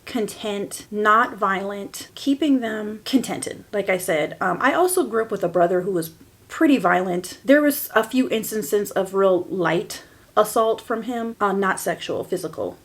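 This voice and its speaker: A woman's voice: medium pitch, a little slow. A woman in her forties hosting a personal podcast, telling her own story in a candid, emotional way. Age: 40s. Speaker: podcast host.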